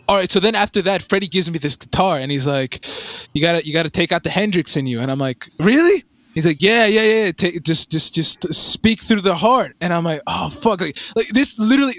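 A young man telling a rambling story in casual chat, animated and swearing, with lots of fillers and restarts. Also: high voice, no room sound.

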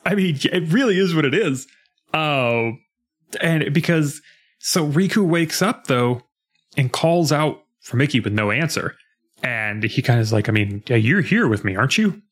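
A man co-hosting a podcast, chatting casually and retelling video game scenes in an animated way, quoting the characters as he goes. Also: on the high side, moderate pace. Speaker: podcast co-host.

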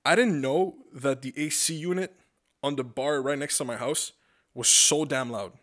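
A man's voice: mid-range voice, moderate pace, a bit bright. A man hosting a podcast, telling rambling, profane stories with lots of stammered restarts. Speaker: podcast host. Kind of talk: casual comedic monologue.

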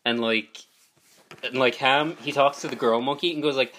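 A man's voice: mid-range voice, fairly even intonation, moderate pace, bright, forceful tone. Male podcast co-host with a mid-range voice and a playful, jokey delivery. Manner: joking, playful interjections. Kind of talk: casual movie-review banter.

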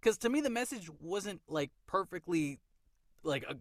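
A man co-hosting a casual movie chat, animated and playful, sometimes slipping into voices to retell scenes. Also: high voice, normal speed, no room sound, clean studio sound. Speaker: podcast co-host.

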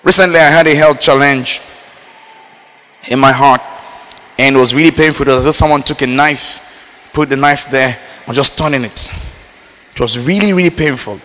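A man from Nigeria preaching a sermon, swinging between loud emphatic lines and low quiet asides. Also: moderate pace, pauses often. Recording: reverberant hall.

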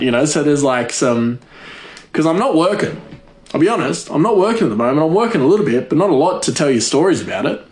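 A man's voice: fairly high pitch, very animated, fast talker. A man chatting casually to viewers. He rambles, giggles and fills his talk with "like". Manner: rambling, giggly, filler-heavy. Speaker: vlogger. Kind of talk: casual chat. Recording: echoey room.

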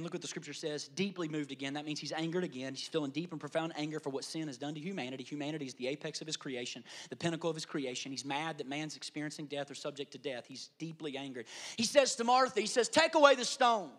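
A middle-aged man preaching a dramatic sermon in a high voice. He drops to near-whispers for the tender parts, then climbs back to loud, driving lines. He acts out the people in the story as he goes. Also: steady tone, fast talker, few pauses. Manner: dramatic, swings from loud shouting to hushed whispers, acts out quotes. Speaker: pastor.

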